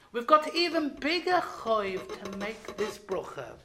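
A woman giving an earnest Torah lesson. She grows loud and emphatic when she quotes the texts. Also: on the high side, very animated, a little slow, few pauses, a little hiss or hum. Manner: earnest, swells loudly when quoting the texts. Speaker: Torah teacher.

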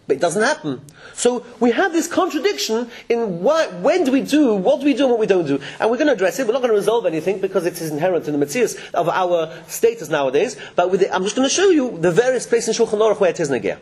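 Animated man teaching a live class. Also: high-pitched, fast. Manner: animated, chuckling, with frequent restarts. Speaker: religious teacher. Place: classroom with listeners.

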